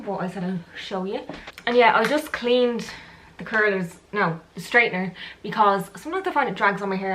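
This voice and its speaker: A woman's voice: mid-range voice, fairly bright tone, poor audio. Young irish girl rambling on her vlog, ums everywhere, bit of hiss behind. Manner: rambling and self-correcting, lots of ums. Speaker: vlogger. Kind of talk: chatty day-in-the-life vlog.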